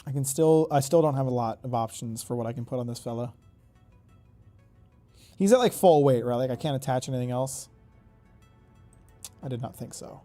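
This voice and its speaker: Mellow-voiced man chatting through a stream. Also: medium pitch, normal speed, long pauses, soft background music. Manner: rambling, joking, profane, thinking aloud. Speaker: game streamer. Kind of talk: casual live-stream gaming commentary.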